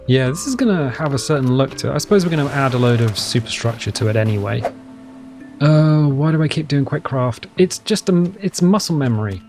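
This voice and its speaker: A man in the middle of his pitch range chats through his gameplay, rambling and self-deprecating, often talking to himself. Soft game music sits faintly behind his voice. The delivery is loose and casual rather than scripted. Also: expressive, brisk. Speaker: gameplay commentator. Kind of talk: casual let's-play commentary.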